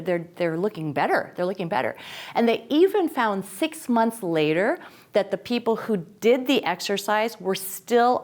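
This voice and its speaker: A middle-aged woman speaks to parents in a faith-based parenting lesson. Her delivery is lively and animated. She often acts out the voices of the people she quotes. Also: mid-range voice.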